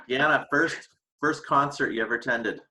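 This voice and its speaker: Bright, teasing male host. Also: mid-range voice, measured pace. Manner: playful, teasing. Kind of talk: casual rapid-fire question chat.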